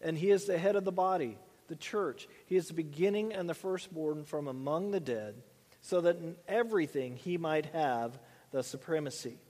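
A man's voice: a little high, moderate pace, darkish tone, long reverb tail. A middle-aged man preaching a sermon in a loose, conversational way, often repeating words and using fillers. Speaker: pastor.

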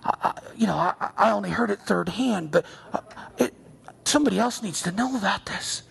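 A preacher putting on the devil, whispering sly, insinuating temptations during a sermon. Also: male voice, sits high, a little fast, vocal fry, breathy edge, voice pushed down, full character voice. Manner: hushed, insinuating. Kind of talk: sermon illustration.

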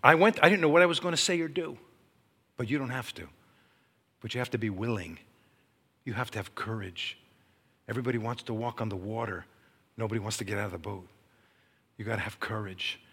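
A middle-aged man preaching a testimony sermon, telling his story dramatically and swinging from hushed, low passages to loud, urgent ones. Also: brisk, long pauses, breathy edge. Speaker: Christian speaker and former teacher.

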